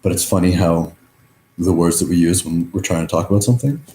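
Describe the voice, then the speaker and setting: A man's voice: low voice, a little fast, mellow. A young man in a reflective personal monologue, rambling through many fillers and swearing freely. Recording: echoey room.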